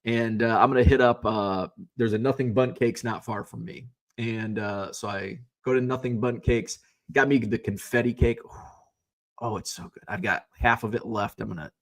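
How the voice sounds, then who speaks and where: A middle-aged man hosting his own stream, telling a story in a rambling, animated way with lots of fillers. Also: fairly low pitch, normal speed. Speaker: streamer host. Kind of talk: casual storytelling.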